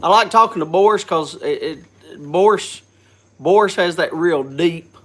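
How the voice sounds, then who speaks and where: A man hosting a casual live chat, congested from a cold, coughing and often restarting his sentences. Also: fairly high pitch. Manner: halting, restarts with repeated words. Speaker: host.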